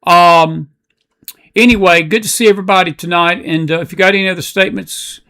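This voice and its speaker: Impassioned man hosting political talk, gravelly voice, a bit high. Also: steady tone, brisk, bright, forceful tone. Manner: impassioned, repetitive, preacher-like. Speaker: political talk show host. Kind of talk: live political commentary. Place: studio with live audience.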